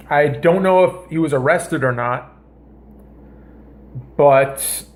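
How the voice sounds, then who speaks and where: A man hosting a comedy vlog, telling a story in a rambling, animated way and often cutting himself off mid-sentence. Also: on the high side. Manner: rambling, animated, self-interrupting. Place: home kitchen.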